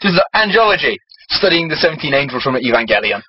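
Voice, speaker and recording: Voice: medium pitch, very animated, fast talker, husky, highs cut off. A comedic co-host who rants and swears in exasperation while reading stories aloud. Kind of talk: comedic casual chat with swearing.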